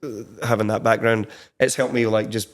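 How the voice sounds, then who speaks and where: A man's voice: fairly low pitch, flat delivery, fairly quick. A young man from Scotland with a Scottish accent, chatting casually as a podcast guest and rambling with lots of fillers. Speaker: guest, country songwriter. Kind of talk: casual interview chat. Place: studio.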